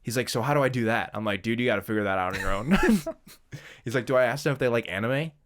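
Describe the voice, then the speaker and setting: A man's voice: medium pitch, fast, fairly bright tone. A man co-hosting a podcast in casual chat, telling stories loosely and laughing often. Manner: laid-back storyteller, laughs often, loose filler-heavy phrasing. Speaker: podcast co-host.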